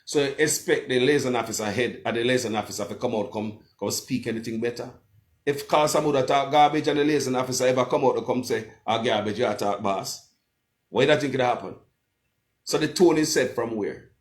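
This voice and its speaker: A man with a Jamaican accent hosts a livestream as a blogger, offering commentary with a guest calling in by phone. His mid-range voice moves at a quick pace, and he speaks with passion, repeatedly calling out to his viewers as people.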